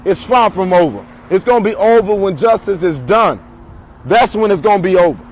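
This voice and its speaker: A man's voice: high voice, lively intonation, moderate pace, poor audio. A man giving a livestreamed protest speech outdoors into a phone, chanting and rallying.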